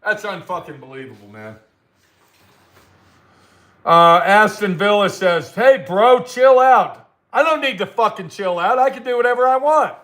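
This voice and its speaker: A man's voice: high voice, animated, moderate pace, pauses often, sharp tone. An older man ranting profanely to live-stream viewers from his workshop, answering their comments combatively. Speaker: livestream host. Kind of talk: angry live-stream rant.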